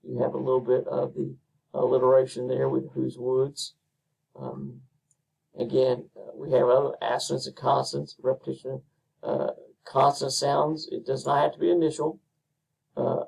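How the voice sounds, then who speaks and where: A male instructor explains his material in an unhurried way, dotted with ums and uhs. His voice is gravelly and husky. It sits at a middle pitch and is picked up from some distance off the mic. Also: little pitch movement, a little mellow. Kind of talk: recorded lecture.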